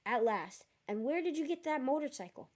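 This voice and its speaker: A woman doing Dumbledore, a calm old wizard. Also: high-pitched, pitched above the performer's own voice. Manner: calm, measured and dryly humorous. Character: old male wizard headmaster, calm and wry.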